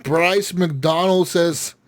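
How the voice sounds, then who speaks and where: A man's voice: a little high, steady tone, very slow. Profane, laughing podcast host man. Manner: profane, laughing, reads comments aloud. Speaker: podcast host reading listener comments. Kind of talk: casual gaming podcast chat.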